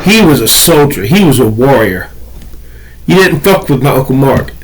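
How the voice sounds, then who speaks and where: A man's voice: mid-range voice, lively intonation, normal speed, poor audio. A middle-aged man in a rambling vlog monologue, ranting bitterly and wishfully. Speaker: vlogger.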